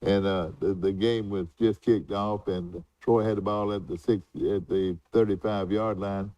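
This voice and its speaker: Older man co-host, low dark voice, rambling storyteller full of "uh"s, dry sound. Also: fairly even intonation, a little slow, no echo, distant mic, muffled recording. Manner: rambling reminiscing, many fillers and restarts. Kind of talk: casual chat.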